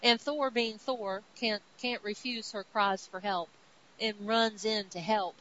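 A woman's voice: mid-range voice, fairly even intonation, unhurried, a bit bright, muffled recording, slight background noise. Chatty woman retelling a comic. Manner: chatty, retells the story with quoted voices, many restarts. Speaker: podcast host. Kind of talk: casual comic book recap.

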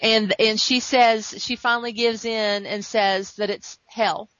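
A woman's voice: on the high side, fairly even intonation, unhurried, fairly bright tone, no room sound. A woman podcast host in casual chat, animatedly retelling a comic story and acting out quotes. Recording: muffled dry recording.

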